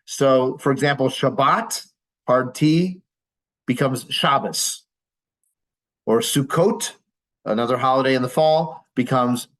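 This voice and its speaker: Roughly recorded, this informal lecture features a male rabbi of medium pitch answering questions from a live audience. He explains things patiently, with dry wit and frequent small fillers.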